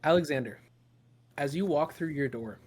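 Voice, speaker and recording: A man's voice: fairly high pitch, normal speed. A man narrating a tabletop game as game master, in a loose, improvised storytelling way with fillers.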